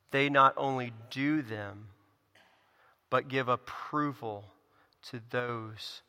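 A man, a pastor, preaching a sermon with earnest emphasis, rising to loud lines and dropping to hushed ones. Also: medium pitch, clean tone. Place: church sanctuary. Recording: long reverb of a church hall.

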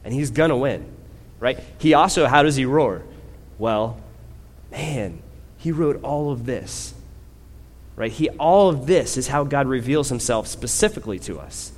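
A male preacher delivers a sermon in a conversational way, often tagging his points with "right?". He grows louder and slower when he drives a point home, and his voice carries a long hall echo. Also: medium pitch, expressive.

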